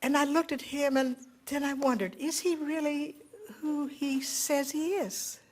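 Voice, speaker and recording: An older woman with a somewhat high voice speaks to a devotional gathering. She tells her story earnestly and reflectively, falling to a hush at the tender moments and lifting again when the feeling builds. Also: fairly even intonation, measured pace. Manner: earnest, reflective, with dramatic quiet drops and rising exclamations. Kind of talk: personal storytelling talk.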